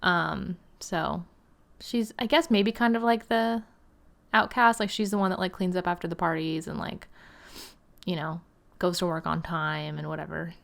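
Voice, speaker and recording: Chatty young woman with a gravelly voice. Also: fairly low pitch, steady tone, moderate pace, a bit bright. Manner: chatty and rambling, with frequent "like" and "um" and some laughter. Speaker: gaming channel host. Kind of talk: casual gameplay commentary.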